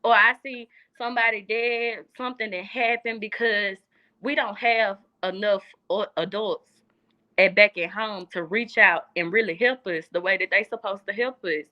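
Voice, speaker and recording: A woman's voice: medium pitch, steady tone, normal speed, muffled recording. A young woman with a Southern US accent, talking earnestly in a casual chat and repeating phrases for emphasis. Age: young adult. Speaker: guest.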